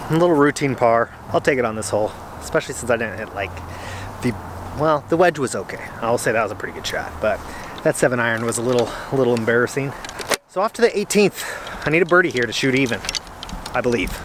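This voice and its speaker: A man's voice: medium pitch, lively intonation, fast, background noise. Chatty, winded man on a golf course. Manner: chatty, self-deprecating. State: slightly out of breath. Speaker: golf vlogger. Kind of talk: casual talk to camera while golfing. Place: outdoor golf course in cold weather.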